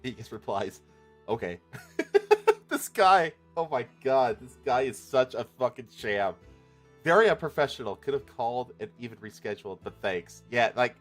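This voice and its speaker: Man, reaction stream host, casual rambling commentary, lots of fillers, swearing, mid pitch, faint music behind. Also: moderate pace. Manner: rambling, filler-heavy, swears and laughs loudly.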